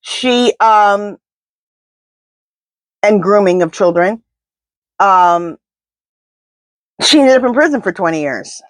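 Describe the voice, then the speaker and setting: A woman's voice: mid-range voice, animated, takes it slowly, long pauses, dry recording. Blunt woman doing a tarot reading. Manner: talks to her spirit guides and pendulum, blunt and indignant. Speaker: tarot reader. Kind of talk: casual tarot reading monologue.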